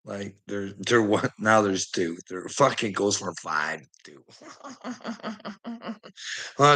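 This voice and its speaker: A man's voice: lowish voice, creaky, fairly bright tone, husky. A man ranting on a casual livestream, profane and rambling, breaking into laughter often.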